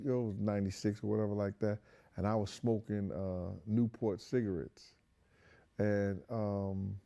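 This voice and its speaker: A man's voice: lowish voice, warm tone. A man casually recounting a long story with slangy street talk, rambling along with many fillers like "you know" and "um". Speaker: guest storyteller.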